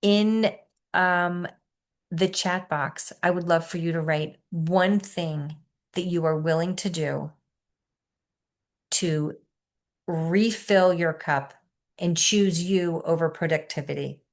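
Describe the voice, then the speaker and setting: A woman in her fifties, a coach leading an online workshop, talking in an earnest, encouraging way and easing into soft, slow guided reflection. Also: fairly low pitch.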